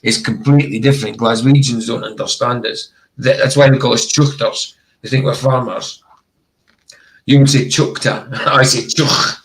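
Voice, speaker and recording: A man from northeast Scotland with a Doric Scottish accent, rolling his R's strongly in casual chat as a stream host; his voice is a bit rough today. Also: medium pitch, fairly even intonation, normal speed, poor audio. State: slightly rough voice.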